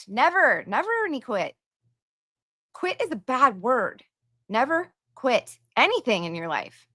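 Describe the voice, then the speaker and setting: On a livestream, a woman with a sharp, fairly high voice chats casually, reading viewer donations and messages aloud and adding her own asides. The audio is studio quality with no room sound.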